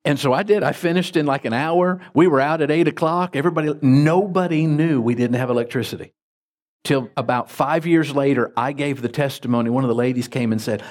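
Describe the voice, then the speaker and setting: A man preaching as a pastor, telling folksy stories with lively jumps in his voice. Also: a little fast. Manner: folksy, animated anecdotes with sudden pitch jumps. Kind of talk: sermon with storytelling.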